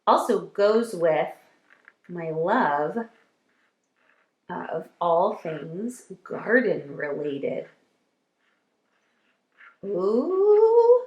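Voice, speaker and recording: A woman's voice: fairly low pitch, lively intonation, drawn-out words, pauses often, reverberant, highs cut off. A woman teaching a phonics lesson to young children, cheerful and encouraging, stretching out sounds as she goes. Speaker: kindergarten teacher.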